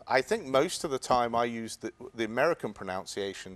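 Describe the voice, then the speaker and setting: A man's voice: medium pitch, animated, moderate pace, hardly any pauses. A man with an English accent, a guest in an interview, talking hesitantly with many stammered restarts. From England. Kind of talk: interview conversation.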